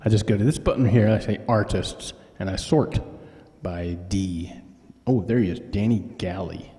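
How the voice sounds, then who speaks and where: A man's voice: fairly low pitch, normal speed, mellow, in a large hall. A man hosting his own live stream from a room at home, rambling and joking at his own expense. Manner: rambling, self-mocking joker. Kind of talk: casual live-stream chat. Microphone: webcam or laptop.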